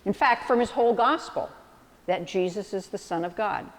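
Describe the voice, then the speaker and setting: A woman's voice: mid-range voice, normal speed. Woman preaching in a reverberant hall. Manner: reflective storytelling with vivid analogies. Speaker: pastor. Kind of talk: sermon.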